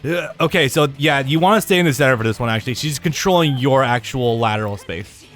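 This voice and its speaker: A man's voice: medium pitch, animated, quick pace, fairly bright tone. A man hosting a live let's play, chatting casually while he plays, swearing and laughing as he goes. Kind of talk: live gameplay commentary. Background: faint game music.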